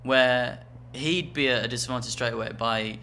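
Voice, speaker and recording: A man's voice: mid-range voice, fairly even intonation, normal speed, pushed and bright, slight background noise. A man co-hosting a podcast, reading listener emails aloud with dry, wry humour. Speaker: podcast co-host. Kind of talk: casual comedic chat.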